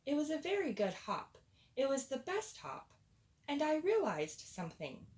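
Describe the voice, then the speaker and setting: A woman reading a children's picture book aloud in a playful, expressive storytelling voice. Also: high voice, moderate pace.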